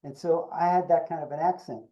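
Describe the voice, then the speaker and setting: An older man, an actor being interviewed, tells an anecdote with animated delivery and acts out the dialogue. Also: a little high, a little fast, muffled recording. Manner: animated storyteller acting out quoted dialogue. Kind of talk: storytelling anecdote.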